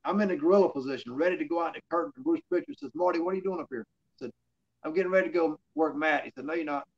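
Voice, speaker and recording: In a casual interview, this man who used to wrestle rattles off rambling anecdotes full of fillers, performing the dialogue people said to him. His voice is a little high and creaky, delivered rapid-fire over lo-fi audio.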